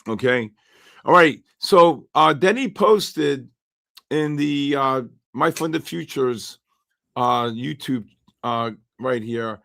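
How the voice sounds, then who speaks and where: A hoarse man hosting a live trading stream, chatting with viewers by name while he calls trades. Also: mid-range voice, slow. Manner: animated, greets chat by name while calling trades. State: hoarse, losing his voice. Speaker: livestream host and futures trader.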